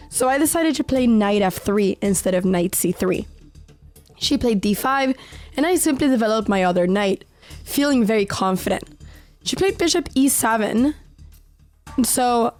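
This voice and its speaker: Slightly sick woman narrating a chess game. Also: on the high side. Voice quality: occasional voice cracks. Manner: calm, measured storytelling of moves. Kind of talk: reflective voice-over narration. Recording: voice-over with faint background music.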